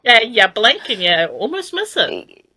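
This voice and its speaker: Kiwi woman on a podcast, bright tense voice, joking around, dry close sound. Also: on the high side, sing-song, slightly rough, no echo, poor audio. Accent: New Zealand. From New Zealand. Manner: playful, quick to laugh. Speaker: podcast co-host. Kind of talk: casual chat.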